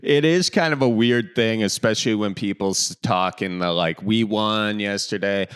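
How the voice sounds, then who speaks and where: A man's voice: fairly low pitch, lively intonation, moderate pace, clean tone. A man from Wisconsin hosting a podcast, easygoing and jokey, with many fillers. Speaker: podcast host. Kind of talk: casual podcast chat.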